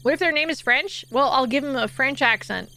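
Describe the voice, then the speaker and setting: A woman streamer chatting casually with her viewers, laughing and swearing freely, then reading second-person game narration in a slower, softer voice. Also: sits high, slight background noise, rough recording. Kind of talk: casual live-stream chat and reading game text aloud.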